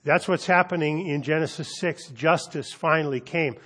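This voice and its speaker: A pastor delivering a sermon. He reads scripture slowly and deliberately, then tells a story with animated emphasis. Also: a little high, husky. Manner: measured, deliberate reading with dramatic pauses; animated storytelling, lifting his voice for quoted students.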